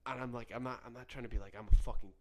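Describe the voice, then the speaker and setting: A man's voice: mid-range voice, fairly even intonation, racing. A young man hosting a solo podcast, telling a story in a rambling, profane way with many self-corrections. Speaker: podcast host.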